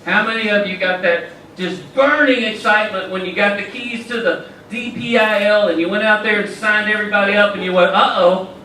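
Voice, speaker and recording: A man's voice: high voice, brisk, bright, forceful tone, a little hiss or hum. A man giving an enthusiastic motivational talk at a conference, preaching and telling stories. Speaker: keynote speaker. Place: large conference hall. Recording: echoey hall from far off.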